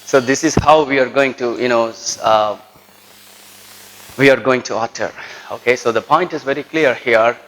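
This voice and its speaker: A man's voice: medium pitch, normal speed, long pauses, fairly bright tone, low-quality recording. Indian man lecturing, constant "right?" checks. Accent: Indian English. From Tirunelveli, South India. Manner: tags nearly every sentence with a checking "right?". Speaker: college lecturer. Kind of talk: classroom lecture.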